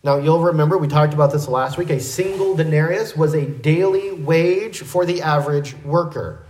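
A fairly high-voiced man preaching a verse-by-verse sermon. He explains carefully in a measured, teaching way. His voice rings around a roomy, echoing space. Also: a little mellow. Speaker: pastor. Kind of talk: expository sermon.

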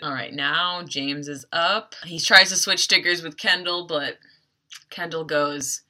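A woman hosts a podcast in an easy, chatty recap style, tossing in wry asides as she goes. Her voice is very bright and sits a little low for a woman. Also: measured pace. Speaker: podcast host. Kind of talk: casual episode recap.

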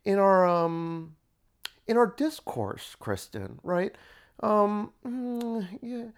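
A hesitant, soft-spoken male radio commentator, as a man puts him on, pitched a little higher than a plain voice and kept quiet and careful. He halts, stumbles and keeps stopping between phrases. His tone is smooth and clear. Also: very animated, exaggerated voice. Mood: earnest, halting. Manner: halting, full of ums and tag questions. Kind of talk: mocking impression in a podcast rant.

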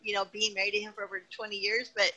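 A middle-aged woman, a retired wrestling personality, chatting as a guest in an interview and telling lively anecdotes. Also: mid-range voice, rapid-fire, low-quality recording. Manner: animated, chatty, tells anecdotes with acted-out quotes. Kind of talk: casual interview storytelling.

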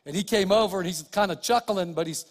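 A middle-aged male pastor preaching in a church sanctuary, his fairly high voice carried by a long hall reverb. He tells funny stories with lively energy, then sinks into soft, hushed tones to press his point home. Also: fast talker. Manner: animated storytelling with humor, dropping to soft quiet tones. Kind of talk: sermon.

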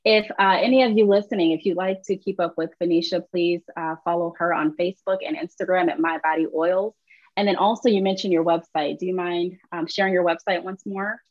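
A woman from Michigan with a Michigan accent, hosting a podcast and telling stories in an animated, laughing way. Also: on the low side, no echo, lo-fi sound. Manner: animated, quick storytelling with laughs. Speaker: podcast host. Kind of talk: casual interview chat.

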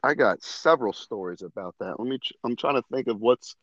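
A young man chatting on a podcast, animated and quick to laugh as he tells a story. His voice sits at a middling pitch, recorded close and dry with a slightly dull, muffled tone. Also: no room sound. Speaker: podcast guest. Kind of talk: casual podcast chat.

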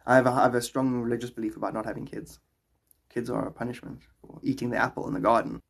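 A man's voice: mid-range voice, flat delivery, quick pace, creaky, slightly rough. A young South African man chatting casually with his live stream viewers, rambling and laughing often.

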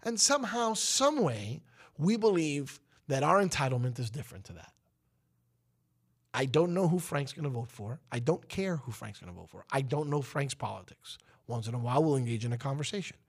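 A man's voice: mid-range voice, very animated, brisk, breathy edge. A man hosting a talk show, delivering an emphatic, preachy opinion monologue that rises to outbursts. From United States.

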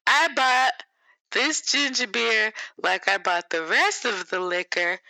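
Bright, reflective woman podcast co-host. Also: fairly high pitch, takes it slowly, creaky, no room sound. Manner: reflective, with many restarts and fillers. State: tipsy from drinks. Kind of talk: casual chat.

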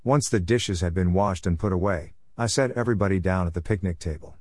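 Low, calm man narrating a story. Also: no echo. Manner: calm, measured, patiently firm. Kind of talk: first-person audiobook narration.

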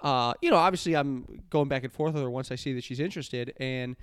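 A man's voice: medium pitch, fast, clean tone, dry recording. A young man co-hosting a podcast, chatting casually, telling stories and laughing often. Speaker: podcast co-host. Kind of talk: casual comedic chat.

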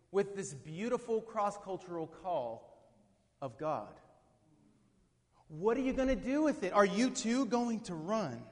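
Guy preaching a sermon, really high voice, goes quiet then yells, long church echo. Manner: dynamic, swings from hushed to shouting, asks the congregation questions. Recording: long reverb of a hall.

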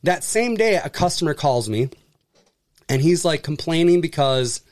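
A man telling a story in casual chat, acting out the people in it with jumps in voice and plenty of swearing. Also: moderate pace. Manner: animated, acts out quoted people with pitch jumps, swears freely. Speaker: furniture delivery and service worker.

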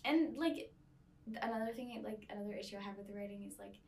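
A young woman co-hosts a relaxed movie review chat in a mid-range voice. She talks haltingly, leaning on fillers and often trailing off. Her voice sounds roomy and distant, as if far from the mic in an echoey space. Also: mid-range voice, creaky. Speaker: podcast co-host.

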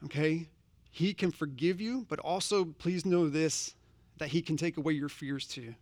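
A man's voice: on the high side, normal speed, a little mellow, no echo. A man preaching a sermon, earnest and conversational, posing direct questions to his congregation. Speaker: pastor.

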